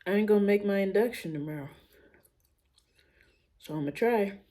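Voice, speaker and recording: A young adult woman talking candidly in a casual personal vlog, musing out loud with relaxed everyday slang. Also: mid-range voice, moderate pace. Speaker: vlogger.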